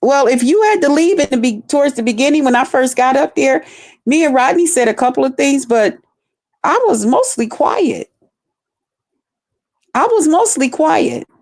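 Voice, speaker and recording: A woman's voice: high voice, expressive, normal speed, darkish tone. A woman streamer delivering an angry, profane, repetitive rant aimed at a rival.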